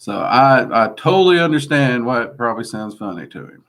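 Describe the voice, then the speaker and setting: Male host, mixed Kentucky-Louisiana Southern accent, gravelly, mid-pitched, rambling live-chat delivery with frequent ums. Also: sing-song, fairly quick, a bit bright. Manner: rambling, hesitant with many ums, friendly asides. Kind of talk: casual livestream chat.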